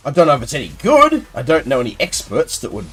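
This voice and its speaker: Young male streamer, casual live chat, playful, lively pitch. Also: fast, breathy edge, faint music behind. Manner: rambling, playful, answers chat. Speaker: gaming streamer.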